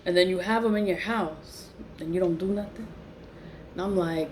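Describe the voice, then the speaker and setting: New lady in her 40s ranting to her followers, lowish voice that shoots up high when she's shocked, some faint room hiss. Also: normal speed. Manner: animated, blunt, swears freely, voice jumps high when incredulous. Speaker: vlogger. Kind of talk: casual storytelling to camera.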